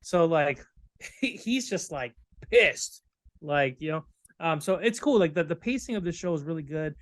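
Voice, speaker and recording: A man's voice: on the high side, animated, normal speed, no room sound. A man co-hosting a casual pop-culture podcast, talking in a laid-back, hesitant way with many ums and likes. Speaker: podcast co-host. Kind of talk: casual chat.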